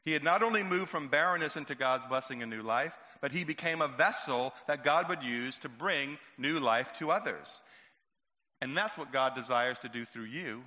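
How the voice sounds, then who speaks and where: A middle-aged male preacher giving an earnest sermon, storytelling and slowing down for emphasis. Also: medium pitch, sharp tone. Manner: earnest, slow and emphatic at key points. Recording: echoey hall, dull lo-fi sound.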